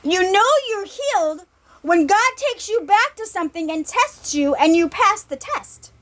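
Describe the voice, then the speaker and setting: Woman ministry speaker, informal sermon, high animated voice, chatty and repetitive. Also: measured pace. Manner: conversational, repeats herself, checks in with "right?".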